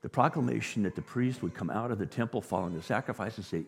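A man preaching a sermon as pastor, animated, dropping to quiet asides and rising to loud emphasis. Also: on the low side, fast, creaky, few pauses, breathy edge. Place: church sanctuary. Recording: long reverb of a large hall.

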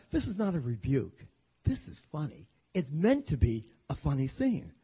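Male preacher, husky, animated and humorous, tells scripture as a vivid story. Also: high-pitched. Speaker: Bible teacher. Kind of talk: storytelling sermon.

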